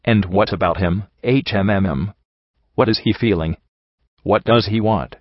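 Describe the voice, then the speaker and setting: A man reading the part of a stern, cryptic male card dealer in a soft, raspy voice, pressing with questions. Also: fairly low pitch, measured pace, no echo. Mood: probing. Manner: lecturing, probing questions. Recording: dull lo-fi audio.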